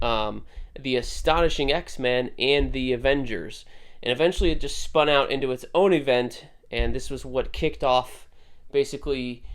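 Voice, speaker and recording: Smooth-voiced man reviewing comics casually. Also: mid-range voice. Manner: rambling, self-correcting, conversational. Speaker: host.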